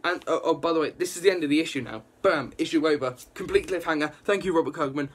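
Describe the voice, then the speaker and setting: A young man recapping a comic book issue in a casual, excited ramble, full of "like" and quick reactions. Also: on the high side, husky.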